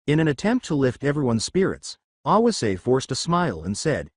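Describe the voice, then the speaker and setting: A man narrating a fan fiction story aloud, shifting his pitch for the quoted characters. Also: sing-song, moderate pace, hardly any pauses, no room sound, studio quality. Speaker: fanfic narrator. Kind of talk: reading fan fiction aloud, all parts.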